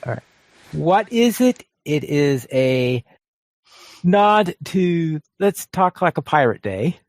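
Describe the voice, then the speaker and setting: A podcast co-host chatting casually about a game, thinking aloud with halting restarts. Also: medium pitch, sing-song, a little mellow, no echo. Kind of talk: casual gaming podcast chat.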